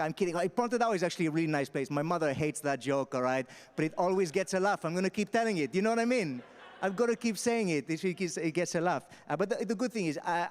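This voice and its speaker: Fast-talking Spanish-raised man doing stand-up. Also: fairly high pitch, in a large hall. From Spain. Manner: punchy, keeps tagging lines with "all right?". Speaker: stand-up comedian. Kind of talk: stand-up storytelling on stage. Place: festival stage.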